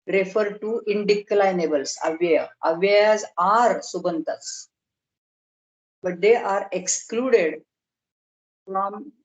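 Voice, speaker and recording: A middle-aged woman lecturing on a video call, explaining slowly and carefully and drawing out technical terms. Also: medium pitch, rough recording. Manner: measured, explanatory, slow on terms. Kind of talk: online academic lecture.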